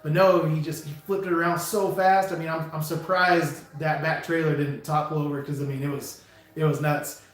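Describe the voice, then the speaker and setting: A man from California who drives trucks, talking in a slightly raised pitch as he rambles through a story on a live stream. He keeps backing up and restarting his sentences. The room around him rings with heavy echo. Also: normal speed. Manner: rambling, animated anecdote with many restarts and chuckles. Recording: very echoey room.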